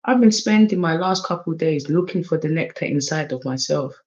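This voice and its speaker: A man's voice: on the high side, lively intonation, a little fast, darkish tone. A man with an English accent full of London slang reads oracle cards in a loose, casual way, swinging between hype and mumbling. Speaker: oracle card reader. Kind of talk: casual tarot-style card reading. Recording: slightly dull lo-fi sound.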